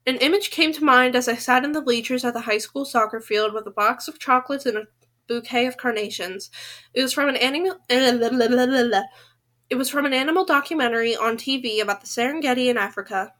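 A woman reading a novel aloud in a casual way, often breaking off into animated, rambling side comments. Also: fairly high pitch, a little fast. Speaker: reader of a novel. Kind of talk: casual read-aloud with chatty asides.

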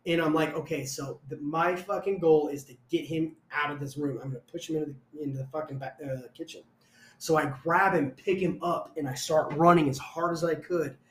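Man, young adult, casual storytelling, profane, animated, slightly high voice, echoey room. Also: a little fast. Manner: profane, animated, acts out quotes loudly. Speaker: storyteller guest.

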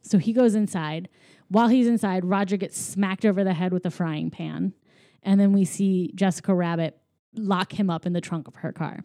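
A woman casually retelling a film plot, acting out the characters' lines in quick voices and laughing often. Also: fairly low pitch, fairly even intonation, dark tone, no echo, studio quality. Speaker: podcast co-host. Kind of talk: casual film recap chat.

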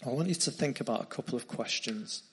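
A man preaching a sermon, retelling a story earnestly and dropping into quieter tones. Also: mid-range voice, fast, slightly rough.

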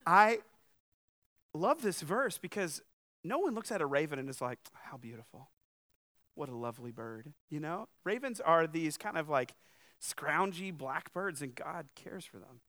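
A man's voice: on the high side, animated, measured pace, sharp tone. A young man preaching a sermon in a conversational way, with joking asides and rising emphasis. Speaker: pastor.

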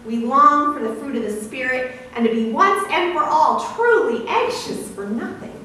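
A woman pastor giving a sermon in a measured, explaining way with light asides, in a church sanctuary. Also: high voice, animated, pushed and bright, slight background noise. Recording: echoey hall from far off.

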